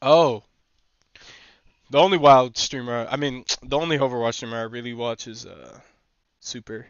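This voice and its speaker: A young man streaming a game, chatting casually with teammates, excitable, swearing and laughing often. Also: medium pitch, moderate pace, smooth, no room sound. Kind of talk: casual gaming chat with teammates. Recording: slightly muffled dry stream mic.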